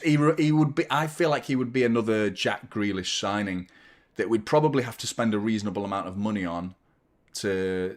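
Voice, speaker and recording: A young man hosting a football watchalong stream, chatting casually, rambling and joking while reading out viewer shout-outs. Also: on the low side. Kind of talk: casual live-stream chat.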